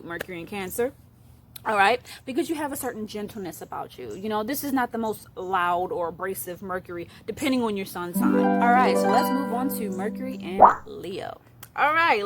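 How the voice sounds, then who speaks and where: A young woman talks through star signs in a loose, playful way and leans on fillers like "you know" and "like". Her pitch sits in an ordinary middle range, and now and then she slips into a put-on voice for a bit. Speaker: astrology youtuber. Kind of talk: casual astrology talk to camera.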